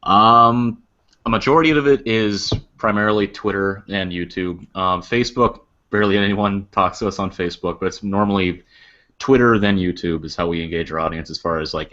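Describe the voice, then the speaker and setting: Deep, bright-toned man, matter-of-fact. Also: steady tone, a little fast, dull audio. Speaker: guest creator.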